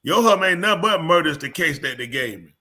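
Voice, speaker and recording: A man with a bright, forceful voice, co-hosting a live call-in show. He tells stories in loose, casual banter and breaks into loud laughter. His voice sits a little high. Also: fast talker. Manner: animated storytelling with loud laughs. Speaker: co-host.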